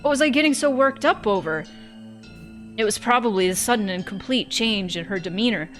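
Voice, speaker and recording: A woman's voice: mid-range voice, animated, a little fast, a bit bright, faint music behind. A woman streamer narrating a visual novel in first person, reading expressively and breaking off for joking asides.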